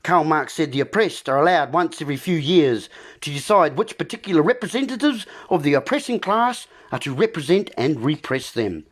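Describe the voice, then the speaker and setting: Brief: male host, political rant, keeps repeating himself, talks straight to his listeners, voice on the high side. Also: lively intonation, fairly quick. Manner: repetitive, ranting, keeps calling out "folks". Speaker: video host. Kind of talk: political monologue.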